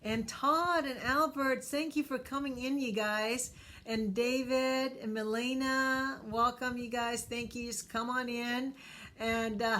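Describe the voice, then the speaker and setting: Chatty higher-voiced woman streaming live. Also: steady tone, slow pace. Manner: chatty, warm greetings to viewers by name, frequent fillers. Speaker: therapist hosting a live stream. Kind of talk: casual live-stream chat greeting viewers.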